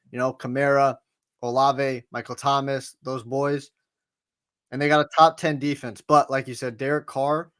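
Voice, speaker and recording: A man's voice: mid-range voice, a bit bright, no room sound, studio quality. A man co-hosting a sports podcast, making emphatic picks and leaning on "listen" and "like I said". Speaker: podcast co-host.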